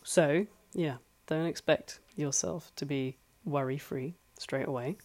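Speaking alone from a home flat, a life coach offers earnest, conversational advice and repeats points for emphasis. The voice is mid-range, slow, and a little mellow.

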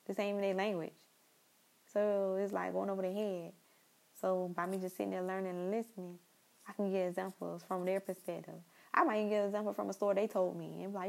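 Gravelly-voiced young woman chatting casually. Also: medium pitch, level tone, quick pace, darkish tone, poor audio. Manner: chatty and rambling, with repeated asides to listeners. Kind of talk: casual monologue.

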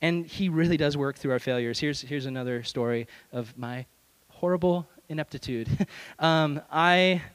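Animated man telling a sermon story. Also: a little high, normal speed, clear, resonant tone. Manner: animated, self-deprecating, acts out voices in stories. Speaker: youth pastor.

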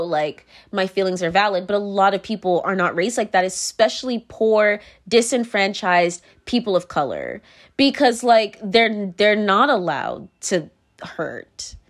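A young woman talking straight to camera in a blunt, rambling, swear-heavy monologue, often breaking into laughter. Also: medium pitch. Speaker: vlogger.

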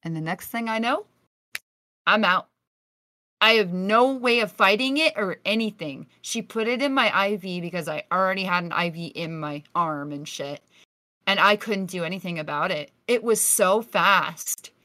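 A woman's voice: mid-range voice, moderate pace, sharp tone, no echo. A woman podcast guest telling a story in a casual, vivid way, swearing freely.

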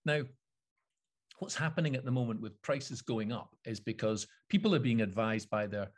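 A Scottish man co-hosting a podcast, explaining things in an animated, opinionated way with frequent chuckles. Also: mid-range voice, normal speed. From Scotland. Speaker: podcast co-host. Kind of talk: casual chat.

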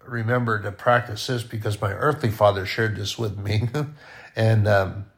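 A man giving an informal, conversational sermon, often dropping to a quiet voice. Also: lowish voice, fairly even intonation, moderate pace, vocal fry. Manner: conversational, with sudden soft drops to near-quiet. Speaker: preacher.

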